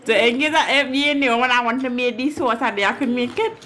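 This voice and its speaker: A Trinidadian woman chats casually as a guest on a home cooking show, keeping her replies short and matter-of-fact. Her voice sits high, with a bright, sharp tone. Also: fairly quick, a little hiss or hum. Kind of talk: casual kitchen chat.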